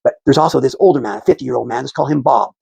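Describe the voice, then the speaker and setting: Fast, gravelly man explaining civics. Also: mid-range voice, darkish tone, no room sound. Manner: rambling, many restarts and fillers. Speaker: civics commentator. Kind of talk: casual explanatory talk.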